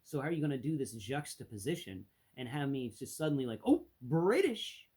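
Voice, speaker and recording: Husky-voiced man ranting casually. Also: mid-range voice, quick pace. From United States. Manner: animated, exasperated ranting with restarts. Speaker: vlogger.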